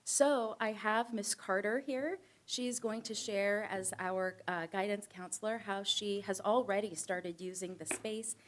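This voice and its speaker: A woman school administrator briskly introducing speakers at a board meeting. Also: mid-range voice, slight background noise.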